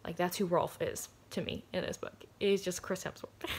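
A woman's voice: on the low side, normal speed, a little mellow, breathy edge. A woman in her early twenties, chatting casually outdoors about a book she is reading, giggly and full of "like". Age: early 20s. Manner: chatty, giggly, heavy use of "like". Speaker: book vlogger. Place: outdoors in sunlight.

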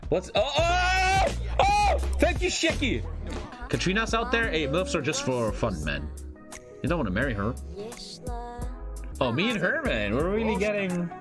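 A young man streaming a life-simulation game and giving loud, crude commentary to his chat, swinging from shouts to low mumbled asides. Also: huge pitch swings, moderate pace, pauses often. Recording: game music underneath.

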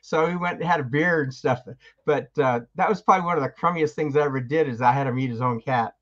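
A man's voice: a little high, quick pace, fairly bright tone, highs cut off. An older man, a veteran guest, telling rambling anecdotes in casual conversation and acting out what people said. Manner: rambling anecdotes, acts out quoted voices. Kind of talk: casual storytelling.

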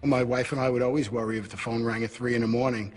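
A man's voice: mid-range voice, little pitch movement, quick pace. A man reflecting fondly on a fighter in an interview. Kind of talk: interview recollection. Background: music.

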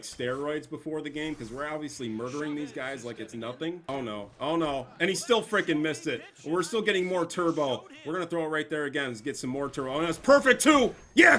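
Young male gaming streamer, high lively voice, bright and sharp, profane hype commentary. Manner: excitable, profane trash talk. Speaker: gameplay streamer.

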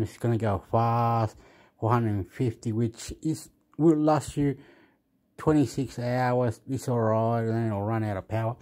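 A man who lives in Australia casually reviewing a phone, rambling and thinking aloud with many pauses. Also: mid-range voice, darkish tone. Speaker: vlogger.

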